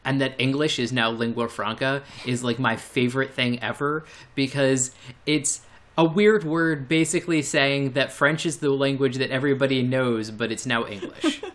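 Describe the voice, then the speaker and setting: A man co-hosting a podcast chats casually, rambling and hesitant with frequent fillers and restarts. His medium-pitched voice is steady, fairly bright, and at a normal speed.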